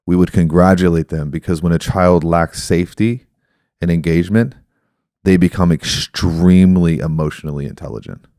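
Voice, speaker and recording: A man's voice: low voice, steady tone, moderate pace, dark tone, dry recording, studio quality. A man in his thirties hosting a podcast, telling a story and explaining ideas in a reflective, casual way. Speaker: podcast host.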